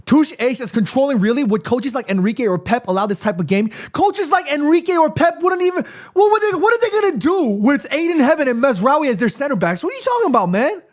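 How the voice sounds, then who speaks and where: A man streaming a football watchalong, calling the play live and chatting to his viewers in an excitable, slangy way. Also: extremely high pitch, a little fast, hardly any pauses. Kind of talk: live play-by-play commentary and chat.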